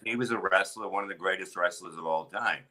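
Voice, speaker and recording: A middle-aged man, a comedian, telling crude stories in a rambling, animated way with lots of restarts. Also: low-pitched, brisk, a little hiss or hum, poor audio. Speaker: comedian guest. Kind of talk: casual storytelling chat.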